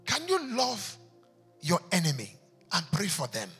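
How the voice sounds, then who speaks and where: A man's voice: high-pitched, huge pitch swings, measured pace, a bit bright, husky, faint music behind. A pastor preaching an impassioned sermon in a church, driving his points home with rhetorical questions.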